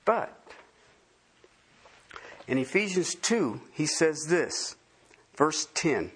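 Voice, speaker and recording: A man preaching a sermon as pastor, emphatic and repeating phrases for stress, swinging from soft asides to loud, high emphasis. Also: sing-song, drawn-out words, slight background noise.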